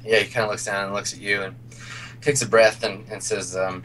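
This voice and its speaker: A man's voice: fairly low pitch, flat delivery, brisk, fairly bright tone, a little hiss or hum. A man running a tabletop role-playing game as game master, describing scenes in a loose, filler-heavy way.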